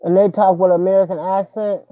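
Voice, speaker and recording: A man's voice: high voice, level tone, fairly quick, no echo, narrow, tinny audio. A man in a casual group chat, teasing and laughing as he insists on his point.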